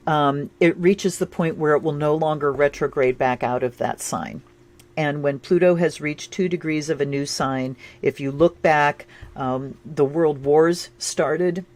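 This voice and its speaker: A woman doing a casual tarot and astrology reading, chatty and rambling, with sudden bursts of excitement. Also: deep voice.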